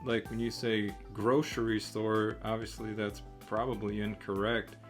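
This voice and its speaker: A man from Michigan co-hosting a casual chat, speaking in a relaxed, halting way with many "um" and "like" fillers. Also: fairly low pitch, faint music behind. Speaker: co-host.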